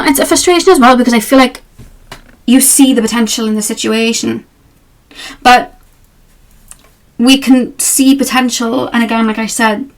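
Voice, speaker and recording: A young woman giving a casual tarot reading to camera, gentle and reassuring, with frequent fillers. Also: on the high side. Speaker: tarot reader.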